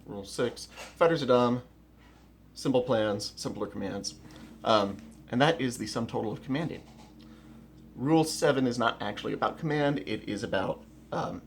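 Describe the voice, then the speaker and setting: Blunt gravelly-voiced man teaching melee. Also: fairly low pitch, slight background noise. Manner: emphatic, blunt, repeats key words, restarts often. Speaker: rapier melee instructor. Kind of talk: casual instructional talk to camera. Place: at home, indoors.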